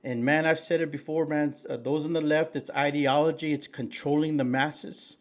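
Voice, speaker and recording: A man's voice: on the high side, fairly even intonation, moderate pace. Folksy preachy man, fillers and restarts. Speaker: podcast co-host. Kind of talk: casual political chat.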